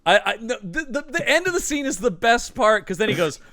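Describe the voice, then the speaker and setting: Lively, bright-voiced man riffing on movies. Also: extremely high pitch, a little fast. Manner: animated, acts out scenes in silly voices. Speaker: podcast co-host. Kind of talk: casual comedy movie chat.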